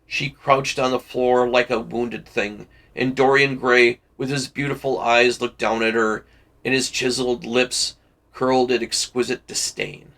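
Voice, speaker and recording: A man reading a classic novel aloud for a book club, measured and deliberate with occasional slips. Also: medium pitch, level tone, vocal fry, fairly bright tone.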